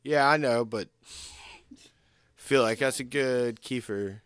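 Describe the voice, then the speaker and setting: A man's voice: medium pitch, slow, fairly bright tone, clear, resonant tone, no echo, clean studio sound. A man co-hosting a podcast in casual chat, joking and challenging the others with questions. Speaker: podcast co-host.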